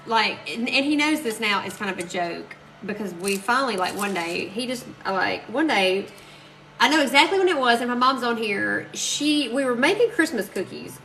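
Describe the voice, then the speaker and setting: This woman's voice sits on the high side, animated, pushed and bright at a normal speed. Crafting during a phone live stream, she chatters away and tells meandering stories to her viewers, calling them "y'all," over poor audio with slight background noise.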